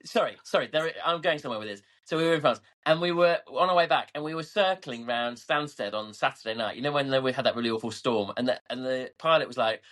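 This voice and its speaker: A man's voice: mid-range voice, fast, hardly any pauses, fairly bright tone. A man co-hosting a podcast, telling stories in a rambling, hesitant way full of fillers and restarts. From family from Scotland. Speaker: podcast co-host. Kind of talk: casual chat.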